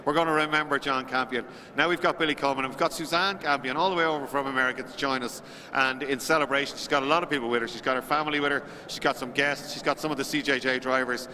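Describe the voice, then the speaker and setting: A man's voice: medium pitch, fairly even intonation, fast, bright, forceful tone, big-room sound. An Irish man announcing live to a crowd at a race circuit, upbeat and chatty as he rallies the spectators.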